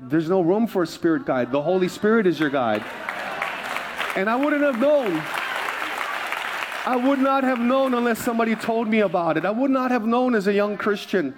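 A man pastor preaching a sermon in a loose, conversational way, telling stories and swinging between hushed asides and excited telling. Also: high-pitched, moderate pace, a crowd in the background, noisy background. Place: church sanctuary stage.

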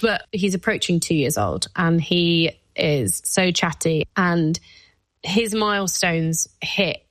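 A woman in her thirties talks openly as a guest, her voice sitting on the low side. She drops in casual fillers, and the close recording has no room sound. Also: lively intonation, slow pace, fairly bright tone, no room sound. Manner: open and emotional, speaking with many "like" fillers. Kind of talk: candid personal conversation.

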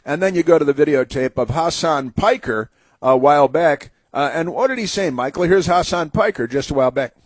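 A man's voice: on the high side, animated, a little fast, slightly rough, no room sound. A man hosting political talk radio, rambling and mocking in a sarcastic tone. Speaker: radio host.

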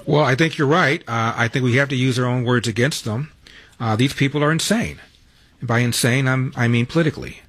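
An older man hosting a call-in radio talk show, brisk and emphatic, rattling off points in quick lists. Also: mid-range voice, a bit bright, husky, no echo.

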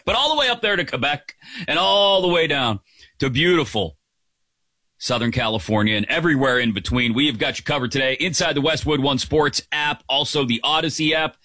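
A sports radio host, a man, talks fast and upbeat in a bright, forceful voice. The studio mic sounds close and dry, with no room in it. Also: mid-range voice, no room sound. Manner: upbeat, rapid, conversational. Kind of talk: energetic sports talk radio. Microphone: studio microphone.

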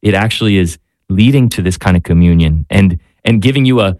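Male priest guest, low-ish, dry close mic, thoughtful and searching. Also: a little fast, no echo. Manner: reflective, searching for words, gentle restarts. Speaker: priest, spiritual director. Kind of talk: radio talk show discussion.

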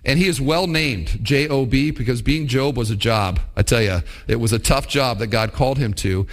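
A man's voice: mid-range voice, big pitch swings, moderate pace, few pauses. A man preaching a sermon as pastor, talking conversationally and putting rhetorical questions to his congregation.

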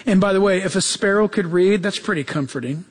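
A man preaching a sermon as pastor, telling stories in an animated way and acting out the quotes, repeating key phrases for emphasis. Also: a little fast, big-room sound. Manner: animated storytelling, acts out quotes with jumps in pitch.

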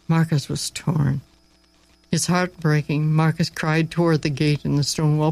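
A man narrating a story aloud, expressive and dramatic, with slow pauses for effect. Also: fairly high pitch, no echo, rough recording.

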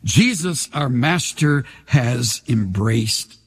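Older man, pastor, sermon, call-and-response, slow pace, very animated pitch. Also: slightly rough. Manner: leads congregation in call-and-response; emphatic, repetitive phrasing. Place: large church sanctuary. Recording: long hall reverb.

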